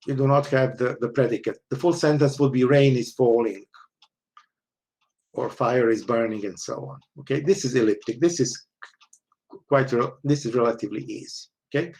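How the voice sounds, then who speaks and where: A man's voice: medium pitch, normal speed, darkish tone. Man lecturing, constant "okay?" checks. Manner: frequent "okay?" checks, restarts, explanatory. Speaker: university lecturer. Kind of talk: online lecture.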